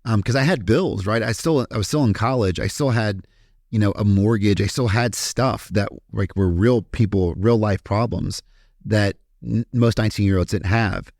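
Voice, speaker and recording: A man from Kentucky, a podcast guest telling his story in a candid, animated way and swearing freely. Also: lowish voice, moderate pace, no echo, studio quality. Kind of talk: casual storytelling interview.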